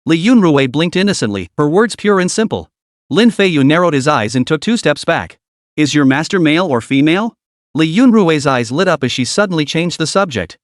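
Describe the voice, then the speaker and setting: A man narrating a comic recap in a brisk, scripted storytelling manner. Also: fairly high pitch, very animated, dry recording, clean studio sound.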